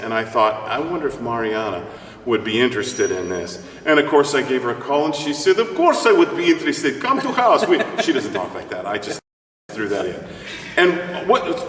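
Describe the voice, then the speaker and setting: A middle-aged man, an opera singer, chats as an interview guest in a church, joking and rambling through his stories. His voice rises and falls a lot. He sounds roomy and distant, with a long echo and a faint hiss behind. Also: mid-range voice. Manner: joking, rambling, animated storyteller. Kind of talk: casual interview chat.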